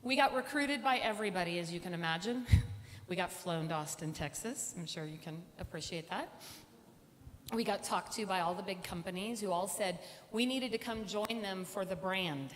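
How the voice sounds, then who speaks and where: On stage in a large conference hall, a middle-aged woman shares a personal story and acts out the voices of the people in it. Her mid-range voice moves at a moderate pace, and the hall is reverberant with faint room noise.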